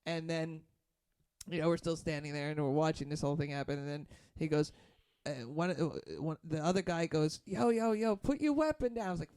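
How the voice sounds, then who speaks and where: Dude with a smooth, kinda high voice rambling a story on a podcast, lots of likes and f-words, super dry close mic. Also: male voice, steady tone, brisk, darkish tone, no echo. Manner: rambling, filler-heavy, swearing, acts out quotes. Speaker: podcast host. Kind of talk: casual storytelling chat.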